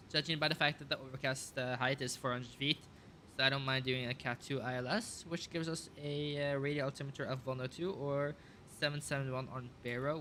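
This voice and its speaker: A mid-range, sharp-toned male voice narrates a simulated airliner flight in a casual stream, running through checklist items and thinking aloud with frequent fillers. A little hiss or hum sits under the recording.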